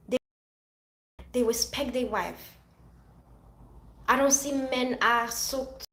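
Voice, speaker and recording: A woman's voice: fairly high pitch, a bit bright, reverberant. A woman from Haiti talking to camera about her past relationship, emphatic and preachy, often repeating herself. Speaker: vlogger. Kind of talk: personal talk to camera.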